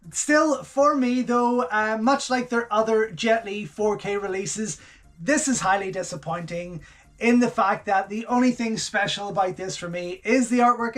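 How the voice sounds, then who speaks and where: A man with a fairly high voice hosts a casual unboxing, talking through each item as he handles it. He gushes with enthusiasm and keeps coming back to the same few words of praise. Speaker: channel host reviewing home video releases.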